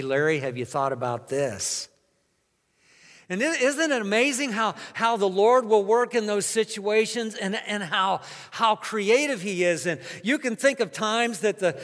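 A man's voice: fairly high pitch, fairly bright tone, in a large hall. A middle-aged man preaching a sermon as a pastor, telling a personal story earnestly with frequent restarts. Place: church sanctuary.

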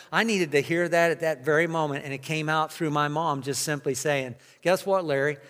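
A man's voice: on the high side, fairly even intonation, normal speed, few pauses, fairly bright tone, in a large hall. A middle-aged man preaching a sermon as a pastor, telling a personal story earnestly with frequent restarts. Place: church sanctuary.

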